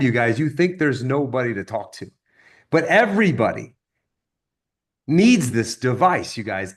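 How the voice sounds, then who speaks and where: A man giving an energetic motivational sales training talk, acting out stories with quoted voices. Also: on the high side.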